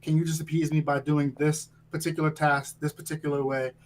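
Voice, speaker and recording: A man's voice: on the high side, little pitch movement, brisk, slight background noise, low-quality recording. A man who trains firefighters, talking in a casual podcast interview in a direct, emphatic way, often checking in with "right?". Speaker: fire training instructor, guest.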